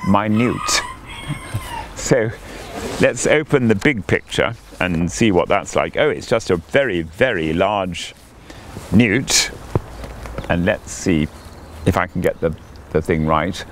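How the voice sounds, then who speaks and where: An older man, a priest leading morning prayer outdoors in a garden, talking gently and chattily with a few fillers. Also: lowish voice, slight background noise. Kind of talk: gentle devotional talk. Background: faint birdsong.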